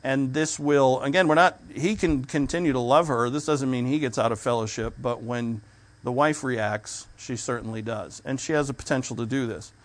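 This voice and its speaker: A man's voice: medium pitch, normal speed. Man preaching in a conversational way. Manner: conversational preaching with restarts and asides. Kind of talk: sermon.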